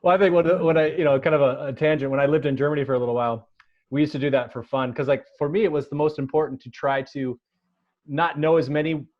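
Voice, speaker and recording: An American podcast host chats casually, joking, laughing a lot, and restarting his sentences. His voice is on the high side, steady in tone and fast, and the recording sounds dull and lo-fi.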